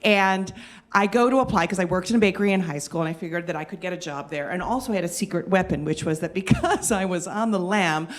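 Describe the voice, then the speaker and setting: A woman telling a funny personal story in an animated, self-mocking way. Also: on the low side, fast. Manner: animated, self-mocking, lots of fillers and restarts.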